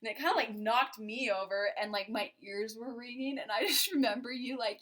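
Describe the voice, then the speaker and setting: A woman's voice: fairly high pitch, fairly quick, few pauses, fairly bright tone. Chatty, giggly young woman telling a story. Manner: chatty and giggly, heavy use of "like". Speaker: vlogger recounting a first date to her partner. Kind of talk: casual storytelling.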